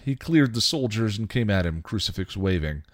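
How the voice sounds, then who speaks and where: Deep male reader, dry, for steady story narration. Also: normal speed, dry recording. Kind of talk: reading fan fiction aloud.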